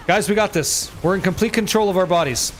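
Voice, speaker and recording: A man with a notably high speaking voice narrates his game for a live chat. He is excitable and playful, swearing casually as he reacts to the action. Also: brisk, slight background noise. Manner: excitable, joking, swears freely. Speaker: game streamer. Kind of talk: live gameplay commentary with chat.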